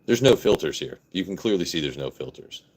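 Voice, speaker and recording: Man, very deep voice, casual livestream host, blunt and relaxed. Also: brisk. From Southern Maryland. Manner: drops his voice deep and blunt on purpose.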